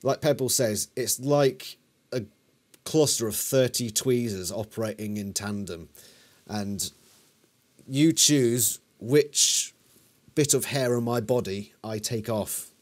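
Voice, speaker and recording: A man's voice: medium pitch, slow. A man hosting a casual watch-along chat, wry and laughing as he explains the game's rules. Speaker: host of a watch-along show. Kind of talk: casual chat reacting to a TV episode.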